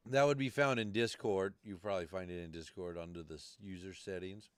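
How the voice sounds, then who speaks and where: A man with a lowish, smooth voice hosts a casual live-stream podcast. He rambles loosely and swears often. The sound is dry and close. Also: fairly even intonation, fairly quick, no room sound. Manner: loose and profane, rambling through tech troubles. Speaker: podcast host.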